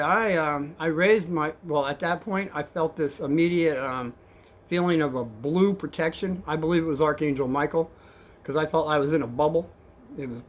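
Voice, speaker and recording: A man who used to drive a cab, telling a story casually and softly, with a rambling manner and calling his viewers kids. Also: a little high. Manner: soft-spoken and rambling, addresses viewers as kids.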